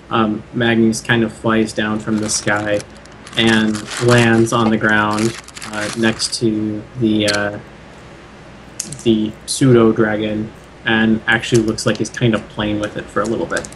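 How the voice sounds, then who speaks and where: A man narrating a tabletop role-playing game as game master, in a relaxed way with many fillers. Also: on the low side, a little slow, slight background noise.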